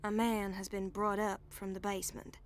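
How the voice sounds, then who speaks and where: A woman's voice: medium pitch, level tone, normal speed, a little hiss or hum, natural voice. An actress voicing a curt, matter-of-fact woman nurse in a video game. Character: brisk rule-bound woman asylum nurse.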